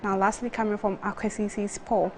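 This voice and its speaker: A woman with a Ghanaian English accent, a TV co-presenter reading viewer messages aloud in a steady, matter-of-fact way. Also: mid-range voice, fairly quick, slight background noise. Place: TV studio.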